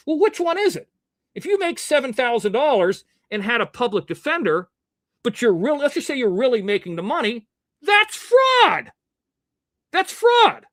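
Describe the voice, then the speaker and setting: A fairly high-voiced man, a bit bright in tone, hosts a casual livestream news commentary, wandering between stories and confronting critics and chat head-on in a combative way. Wearing a mask leaves his speech a little muffled, and the audio is dry and close with no echo.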